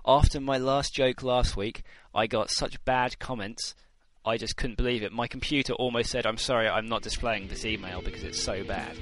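A man's voice: mid-range voice, normal speed, few pauses, a bit bright, dry recording, faint music behind. A man from the United Kingdom, co-hosting a podcast, joking and poking fun at himself. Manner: joking, self-mocking. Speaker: podcast co-host. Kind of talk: casual podcast banter.

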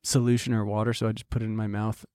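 A man's voice: lowish voice, flat delivery, rapid-fire, darkish tone, clear, resonant tone, no room sound, studio quality. A man co-hosting a podcast in casual chat, laid-back and wry. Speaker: podcast co-host.

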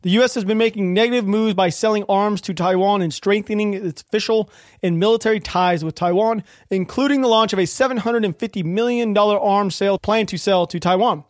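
Male podcast host, high voice, sarcastic ranting commentary, swears a lot, dead-dry mic. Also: a little fast, no room sound. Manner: ranting, sarcastic, swears freely, laughs at news. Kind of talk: solo political podcast commentary.

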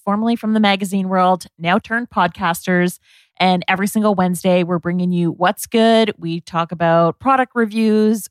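A woman's voice: mid-range voice, no room sound. A woman co-hosting a beauty podcast, chatting enthusiastically in a casual way. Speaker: podcast co-host.

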